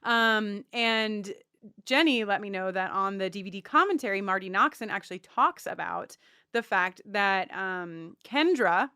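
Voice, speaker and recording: A woman's voice: medium pitch, expressive, measured pace, sharp tone, clean tone, no echo, clean studio sound. Chatty woman podcast co-host. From Long Island. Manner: chatty, self-interrupting, with frequent ums. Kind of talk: casual chat.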